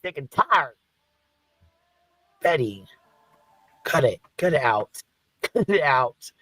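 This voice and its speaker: A man's voice: medium pitch, big pitch swings, slow, sharp tone, no room sound, faint music behind. A man doing profane reaction commentary over a clip, mocking and swearing with laughing asides.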